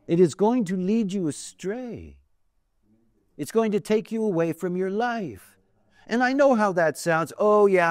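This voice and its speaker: A man's voice: a little high, darkish tone, no echo. A man giving a conversational lecture, wandering into stories with many fillers and asides. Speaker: teacher of a spiritual system. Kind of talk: lecture with storytelling.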